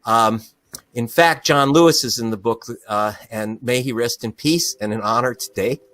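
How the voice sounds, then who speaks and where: A man's voice: mid-range voice, moderate pace, fairly bright tone. A middle-aged man being interviewed as a journalist, talking with passion and indignation and laughing often. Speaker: investigative journalist, guest. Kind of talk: animated interview talk.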